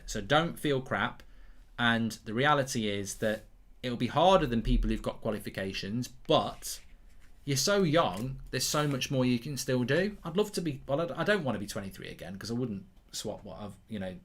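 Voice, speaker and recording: A man hosting a live football watchalong, chatting casually and answering viewer questions in a lively way and swearing freely. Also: mid-range voice. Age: older than 23. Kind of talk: casual chat.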